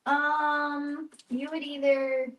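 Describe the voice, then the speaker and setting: Easygoing young woman, higher voice. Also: flat delivery, extremely slow, fairly bright tone, low-quality recording. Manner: easygoing, laughs often, hesitant fillers. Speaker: podcast co-host. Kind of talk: casual chat.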